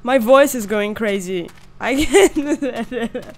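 High-voiced woman joking through a horror game. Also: slow pace. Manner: jokey, swearing, shrieks when scared. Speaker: gameplay video host. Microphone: headset or desk mic.

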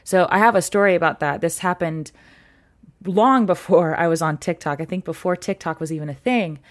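A woman guest on a podcast interview, telling stories in an earnest, animated way and laughing often. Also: lowish voice, brisk. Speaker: guest, content creator.

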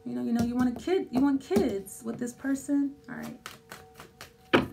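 High-voiced woman doing a tarot reading. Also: unhurried, vocal fry, warm tone, slight background noise. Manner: thinking aloud, many restarts and fillers. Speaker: tarot reader.

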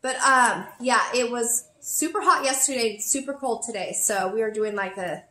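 A woman's voice: fairly high pitch, moderate pace, bright, forceful tone. Bubbly chatty woman in an echoey room. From California. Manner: chatty, bubbly, lots of fillers. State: slightly out of breath. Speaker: haul vlogger. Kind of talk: casual chat to camera.

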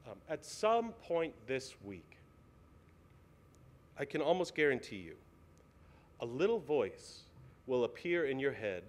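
A male pastor preaching a sermon in a church, earnest and pleading, asking the congregation many questions. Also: medium pitch. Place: church sanctuary.

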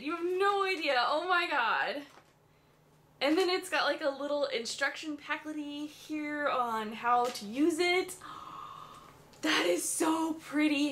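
A young woman, a beauty vlogger, gushing and squealing with excitement as she unboxes a makeup swap. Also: sits high.

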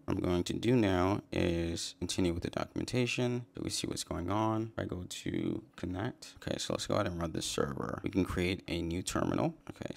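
Brief: deep, gravelly-voiced man, easygoing and upbeat, talking through a coding demo. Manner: relaxed, upbeat, says "sweet" and "awesome". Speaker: software developer giving a coding tutorial. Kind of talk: casual screen-share walkthrough.

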